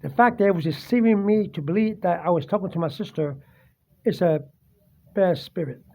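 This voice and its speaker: A man sitting at his dining table, earnestly recounting a personal ghost encounter with halting fillers and restarts. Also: high-pitched, gravelly, mellow. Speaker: vlogger. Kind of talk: casual first-person storytelling. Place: home dining room, seated at a table. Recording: dull lo-fi home recording.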